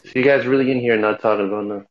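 A man's voice: medium pitch, steady tone, very fast, lo-fi sound, a little hiss or hum. A man in his thirties in a group voice chat, needling and lecturing the others. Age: 30s. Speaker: voice chat participant.

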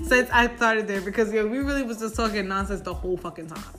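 A woman's voice: medium pitch, quick pace. A young woman in her twenties trading slangy, joking banter. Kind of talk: casual chat.

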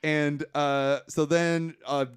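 A man co-hosting a podcast, recapping a comedy film in a deadpan way and acting out lines of dialogue. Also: a little high, slow, clean tone. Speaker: podcast co-host recapping a movie. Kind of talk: casual chat.

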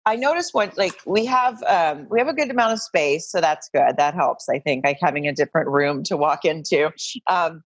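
A woman's voice: low voice, animated, moderate pace, dry recording. A woman from Arkansas, a podcast guest, chatting casually and self-deprecatingly about home life. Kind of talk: casual chat.

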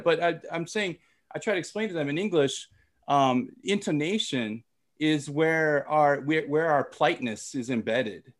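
Male co-host, slightly higher voice, halting, thinks aloud. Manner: halting, many restarts and fillers while thinking aloud. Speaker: podcast co-host, English teacher. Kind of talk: casual teaching podcast chat.

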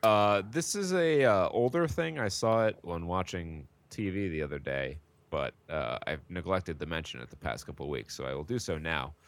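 A man with a very deep voice co-hosting a podcast, delivering dry, sarcastic humor in casual chat. The sound is close and completely dry, with no room echo. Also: moderate pace, few pauses. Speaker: podcast co-host.

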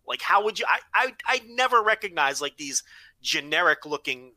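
A man's voice: a little high, very animated, normal speed, pushed and bright, no echo, rough recording. A man hosting a podcast, chatting casually with agreeable, rambling asides. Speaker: podcast host. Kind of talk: casual chat.

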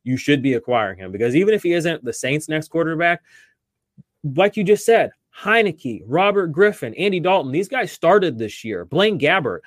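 A man's voice: on the high side, very animated, moderate pace, no echo, studio quality. A man hosting a fantasy football podcast, talking casually and animatedly, with lots of fillers and restarts. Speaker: podcast host.

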